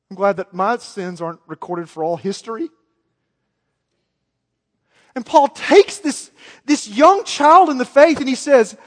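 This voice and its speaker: A man's voice: very high voice, animated, measured pace, pauses often. Impassioned male preacher in an echoing hall. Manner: swings from soft to yelling. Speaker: pastor. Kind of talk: sermon. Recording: long hall reverb.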